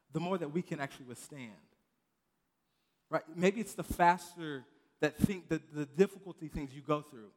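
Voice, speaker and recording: A man giving a casual, conversational sermon to a youth group, with frequent restarts and acted-out quotes. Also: a little high. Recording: long reverb of a hall.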